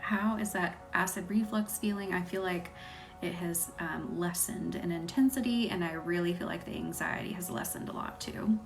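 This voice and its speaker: A woman with a light Southern lilt leads a live healing session. She talks to her viewers in a soft voice that often sinks to a whisper, and she laughs easily. Faint music plays behind her. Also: fairly low pitch, moderate pace, vocal fry. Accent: light Southern American. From American South. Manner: chatty, laughs easily, thanks viewers by name. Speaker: Reiki practitioner hosting a live stream. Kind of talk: live-stream chat with viewers during a Reiki session. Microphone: phone or webcam on a live stream.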